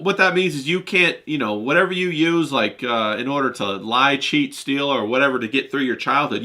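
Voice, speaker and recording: A man's voice: medium pitch, sharp tone. A man talking in a reflective, easygoing way in casual chat as host. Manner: reflective, agreeable, short affirmations.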